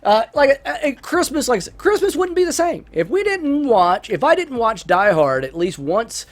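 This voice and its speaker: A man's voice: very high-pitched, big pitch swings, normal speed. A man hosting a let's-play, chatting casually through a movie review in a rambling way with many restarts.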